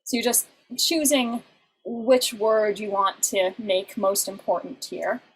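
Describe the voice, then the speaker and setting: Woman teacher, patient explainer, lots of "uh"s, middle pitch, faint background hiss. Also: fairly even intonation, slow, rough recording. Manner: explanatory, with frequent fillers and restarts. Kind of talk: online class lecture.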